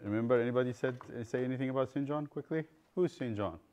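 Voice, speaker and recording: A man's voice: mid-range voice, quick pace, a little mellow. A man teaching a children's Bible study, quizzing the class and retelling stories with acted-out voices.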